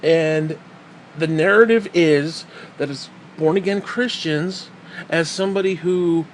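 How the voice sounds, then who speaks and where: A man delivers a profane, sarcastic rant with a fairly high voice for a man, swinging between heated outbursts and muttered asides. A faint hum of air conditioning sits under his voice. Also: a little slow. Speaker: vlogger. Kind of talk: profane ranting commentary.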